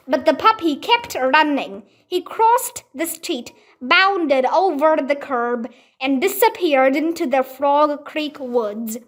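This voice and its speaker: A woman reading a children's book aloud in calm, clear storybook narration. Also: sits high, slow, hardly any pauses.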